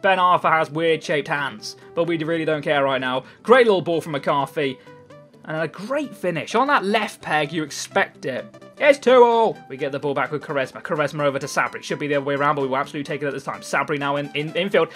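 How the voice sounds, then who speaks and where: A young man giving excitable live gameplay commentary, swearing freely and swinging between low mutters and loud outbursts. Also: a little fast, faint music behind. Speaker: gaming YouTuber.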